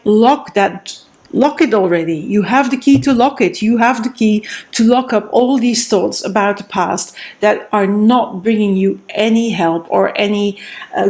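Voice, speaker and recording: A woman's voice: medium pitch, a little mellow. A woman giving a tarot card reading, offering earnest, repetitive advice straight to her viewers. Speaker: tarot reader.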